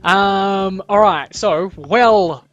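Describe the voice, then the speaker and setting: A man with a New Zealand accent chatting on a livestream, his voice sitting a bit high for a man. He fills gaps with ums and laughs easily as he teases his co-host. Faint music plays underneath. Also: drawn-out words, a bit bright, muffled recording. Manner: laughs often, many ums, teasing. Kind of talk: casual livestream chat.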